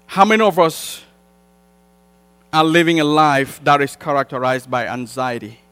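A man with a high voice preaches to a congregation, building his points through repetition and pushing them out in emphatic surges. English is not his first language. His voice rings through a church hall with a long tail of reverb, and mains hum runs underneath. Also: animated, moderate pace, fairly bright tone, smooth. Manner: emphatic, repetitive preaching cadence with rising bursts. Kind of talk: sermon.

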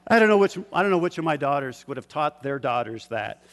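A grandfatherly man preaches with a slightly raised pitch, throwing questions out to the congregation and letting them answer. He moves between loud calls and quieter, chuckling asides. The sound carries a long reverb, like a large sanctuary. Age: older. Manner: call-and-response, asks the congregation to fill in words; chuckles often, shifts from loud to hushed. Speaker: pastor. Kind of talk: sermon.

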